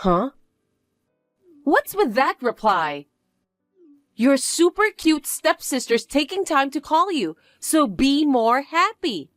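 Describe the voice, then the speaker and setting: In a dramatized story narration, a woman plays a bratty, vain young stepsister who talks down to everyone with haughty demands. She pitches her high voice above her natural one and performs heavily, very animated yet slow, with a fairly bright tone. The studio recording is clean and echo-free, with faint music in the background.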